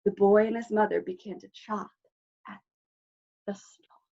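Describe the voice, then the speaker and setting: A woman librarian reading a picture book aloud at children's story time, expressive, with asides to the children. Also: medium pitch, measured pace, vocal fry, slightly rough, lo-fi sound.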